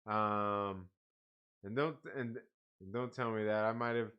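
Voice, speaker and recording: A man's voice: fairly low pitch, steady tone, unhurried, clean tone, muffled recording. A tired man hosting a casual live stream, reading out viewer comments and chatting in a rambling, profane way with frequent laughs. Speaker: livestream host.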